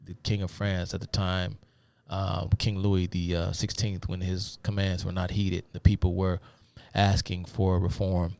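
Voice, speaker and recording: A man's voice: deep voice, little pitch movement, measured pace, vocal fry, hardly any pauses, a little mellow. A man hosting a live stream, giving a rambling, casual lecture full of fillers and asides to his viewers. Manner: rambling, many fillers, addresses viewers as y'all. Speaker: host of a live talk stream.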